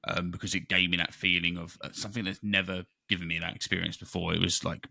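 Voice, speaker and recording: A man co-hosting a podcast, telling stories in an excitable, rambling way. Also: deep voice, fast talker, creaky, dry recording, clean studio sound. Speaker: podcast co-host. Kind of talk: casual chat.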